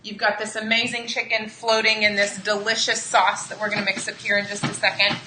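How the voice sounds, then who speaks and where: A woman's voice: mid-range voice, level tone, a little fast, bright, forceful tone, reverberant, slight background noise, rough recording. A woman hosting a casual live cooking demo, chatting with viewers as she cooks in a home kitchen. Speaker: cooking show host.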